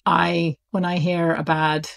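A woman with a British accent speaks as a guest in an interview. She talks in a loose, chatty way, full of fillers and quick laughs, with a slightly low voice. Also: level tone, creaky. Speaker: audiobook publisher, interview guest. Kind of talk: casual interview talk.

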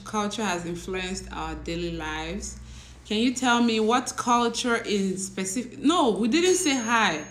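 A woman of medium pitch with a fairly bright tone hosts an easygoing livestream from an echoey room via phone or laptop. She's a teacher who speaks slowly, chats, laughs frequently, and greets viewers by reading out their names.

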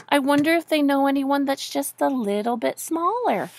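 Animated woman reading a storybook aloud. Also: sits high, normal speed, a little hiss or hum. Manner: animated, asks the listening children questions. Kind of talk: reading a picture book aloud to children.

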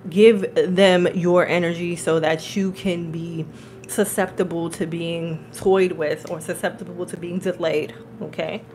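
A woman giving a casual tarot reading, telling a story in a chatty, animated way, laughing often and checking in with her listeners. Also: lowish voice, a little hiss or hum, rough recording. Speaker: tarot reader and spiritual coach.

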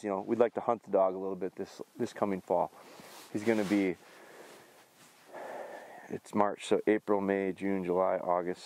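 A middle-aged man training a hunting dog outdoors, explaining his approach in a relaxed way between short commands. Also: no room sound. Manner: high excited praise to the dog. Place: outdoors in a field.

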